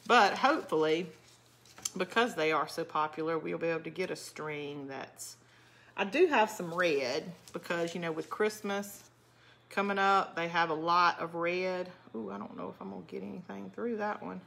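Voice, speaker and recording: A woman's voice: lowish voice, moderate pace, vocal fry, fairly bright tone. A middle-aged woman with a South Georgia accent, chatting casually with viewers while she crafts and answers their comments. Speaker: craft channel host. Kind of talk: casual live craft chat.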